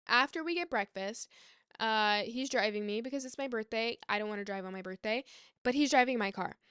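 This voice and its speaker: Casting: woman, 20s, storytime vlogger, bit high, crisp, animated and sweary. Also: no room sound, studio quality. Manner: animated, swearing, quotes others in retelling. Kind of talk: casual storytime.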